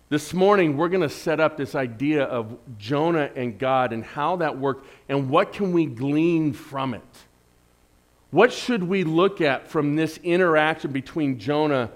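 Middle-aged man as pastor, conversational sermon, playful asides, big dynamic swings. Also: medium pitch. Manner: conversational preaching with humor and rhetorical questions; dynamic, swinging from loud emphatic to soft.

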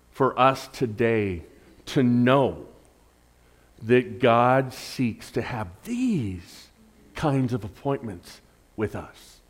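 Middle-aged man as pastor, conversational sermon, playful asides, big dynamic swings. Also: mid-range voice. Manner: conversational preaching with humor and rhetorical questions; dynamic, swinging from loud emphatic to soft.

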